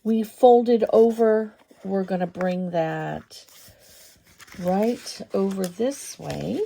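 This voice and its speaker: A woman hosting a papercraft tutorial, talking through each step in an unhurried, think-aloud way. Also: medium pitch, vocal fry, mellow, slight background noise. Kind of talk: craft tutorial demonstration.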